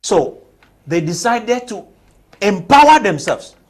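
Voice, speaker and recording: In a TV studio, a Cameroonian man on a discussion panel argues emphatically, pressing his point with rhetorical questions. His voice sits high and has a sing-song lilt, and he speaks slowly.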